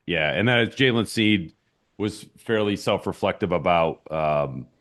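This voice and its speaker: Man with a very deep voice. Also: lively intonation, unhurried, a bit bright. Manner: laid-back, many ums and likes. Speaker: sports reporter. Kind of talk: casual sports talk.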